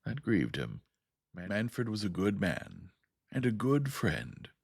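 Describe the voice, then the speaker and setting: A man reading a science fiction novel aloud as a calm, steady audiobook narrator. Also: lowish voice, takes it slowly, gravelly, breathy edge, no room sound, clean studio sound.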